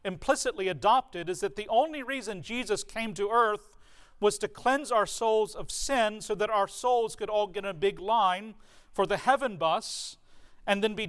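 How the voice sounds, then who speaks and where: A man's voice: sits high, a bit bright. A man preaching a sermon to his congregation, earnest and emphatic, with rhetorical questions. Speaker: pastor.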